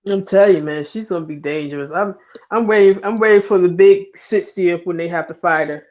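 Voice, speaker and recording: A man with a high voice chats casually, laughing easily and giving short reactions. The sound is muffled and lo-fi. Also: brisk, darkish tone. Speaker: podcast co-host. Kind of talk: casual chat. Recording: dull lo-fi recording.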